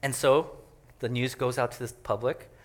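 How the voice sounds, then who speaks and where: A man's voice: medium pitch, steady tone, moderate pace. A man preaching a conversational sermon as a pastor, joking and chatty as he explains a passage. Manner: joking and chatty, laughs often.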